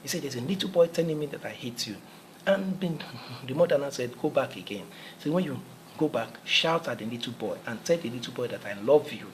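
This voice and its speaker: A man's voice: mid-range voice, lively intonation, brisk, poor audio. An earnest male motivational speaker with a mid-range voice talks in a repetitive, preacherly way, often circling back over his own phrases. A faint hiss sits under the recording. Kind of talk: motivational talk.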